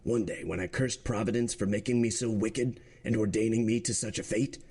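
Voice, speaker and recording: A man's voice: fairly low pitch, steady tone, brisk, darkish tone, breathy edge. A man voicing a bitter, defiant young criminal speaking in court.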